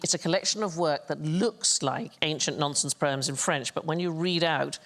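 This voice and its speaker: A woman hosting a comedy panel quiz, reading facts briskly and often laughing along with her guests. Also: low-pitched, fairly bright tone. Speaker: quiz show host.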